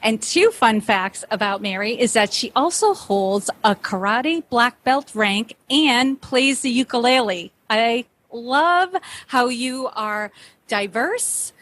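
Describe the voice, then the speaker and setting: A woman's voice: sits high, a bit bright. A woman from Massachusetts hosting a podcast, reading a scripted intro and introducing her guest. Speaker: podcast host and leadership coach.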